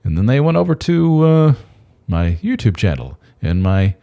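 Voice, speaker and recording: A man's voice: fairly low pitch, sing-song, normal speed, vocal fry, dark tone, clean tone. A man hosting a casual live stream, talking in a loose, rambling and candid way with mild swearing. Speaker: host of a men's support channel.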